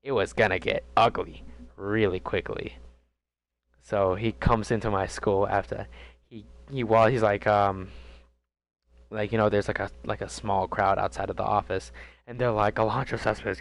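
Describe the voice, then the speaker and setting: A nineteen-year-old man with a slightly low voice tells a rambling story to his vlog audience. His delivery is animated and loose, with crude jokes mixed in. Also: moderate pace, creaky. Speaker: vlogger.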